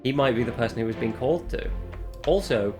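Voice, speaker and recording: A man's voice: mid-range voice, lively intonation, fast, over music. A young man streaming a game, thinking aloud and muttering, with frequent swearing as he puzzles out clues. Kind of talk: thinking aloud while playing.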